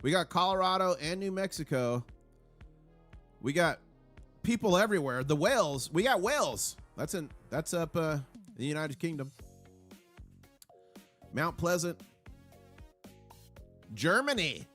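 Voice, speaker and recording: A man hosting a casual livestream, upbeat and chatty as he gives shout-outs to viewers. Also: a little high, expressive, unhurried, long pauses, faint music behind. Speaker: livestream host. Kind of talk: casual live chat.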